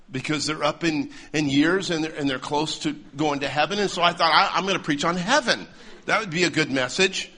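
Male preacher telling funny stories, laughs a lot, bright forceful voice, a bit higher pitched. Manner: animated, laughing often. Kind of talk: humorous storytelling sermon.

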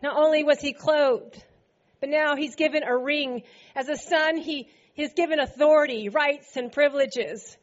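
A woman's voice: sits high, normal speed, lo-fi sound. A woman preaching a sermon to a congregation, playful and laughing often as she acts out scripture quotes. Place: church service before a congregation.

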